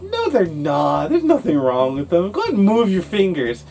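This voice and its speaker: A man co-hosting a casual English-learning talk show, telling a story in an animated way and acting out his younger self. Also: high-pitched, quick pace, soft background music.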